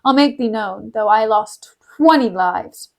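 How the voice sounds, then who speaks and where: A woman's voice: on the high side, unhurried, pitched below the performer's own voice. A woman voicing a fierce, outspoken maid who reads old verse defiantly.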